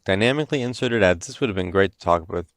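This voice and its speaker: A man hosting a podcast, chatting casually and telling an animated, rambling story with restarts. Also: deep voice, fast, no echo. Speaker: podcast host. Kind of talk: casual chat.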